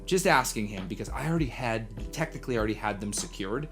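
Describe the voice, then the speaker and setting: A young man hosting a casual live stream, telling an animated story and acting out the people in it, sometimes dropping to a hushed aside. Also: lowish voice, fast, soft background music. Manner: animated, acts out voices in his story, drops to hushed asides. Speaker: coffee livestream host.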